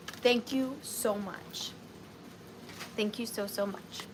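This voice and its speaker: A woman's voice: mid-range voice, steady tone, takes it slowly, long pauses, background noise. A woman in her thirties hosting a live vintage sale, chatting in a gushing, proud way. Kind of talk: casual live-sale chat.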